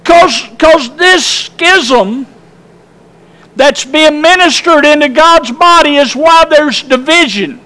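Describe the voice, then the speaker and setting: An expressive pastor with a very high-pitched, sharp-toned voice preaches slowly and emphatically, drawing out phrases and challenging his congregation with rhetorical questions.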